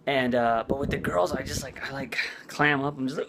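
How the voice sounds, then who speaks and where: A man's voice: medium pitch, fast, vocal fry, noisy background. A man vlogging in a casual chat, rambling with lots of "like" and "uh". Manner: rambling, full of "like" and "uh".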